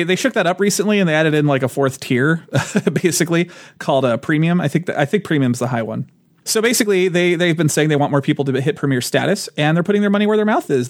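A man's voice: a little high, no echo, clean studio sound. Chatty man co-hosting a game podcast. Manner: chatty, laughs often, many restarts. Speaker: podcast co-host. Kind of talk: casual chat about board game news.

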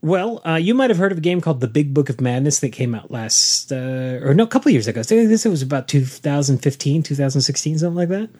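A man's voice: on the high side, expressive, fast talker, few pauses, warm tone, husky. A man co-hosting a podcast, reading board game news in a playful way and joking around. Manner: playful, quotes movie lines and jokes around. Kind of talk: casual chat about board game news.

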